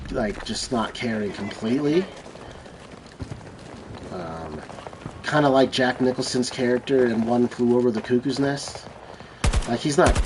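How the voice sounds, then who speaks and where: A man streaming a shooter game who rambles casually and swears freely between plays. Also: mid-range voice. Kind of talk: casual rambling chat while gaming. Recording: noisy, with game gunfire behind.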